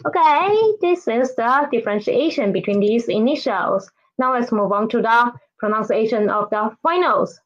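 Slow, patient woman teaching Mandarin sounds. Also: sits high. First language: Filipino. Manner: slow, patient, repeats each sound and asks "right?" and "okay?". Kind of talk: online language lesson. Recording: slightly dull lo-fi recording.

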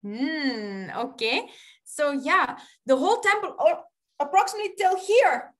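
A woman storyteller telling a story to children, animated, laughing often and asking them questions. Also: high-pitched, unhurried.

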